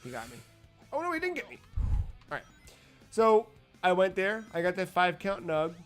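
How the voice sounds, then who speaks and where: A man's voice: high voice, huge pitch swings, normal speed, fairly bright tone, faint music behind. Profane storytelling man in his thirties. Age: 30s. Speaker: podcast co-host. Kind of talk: casual chat.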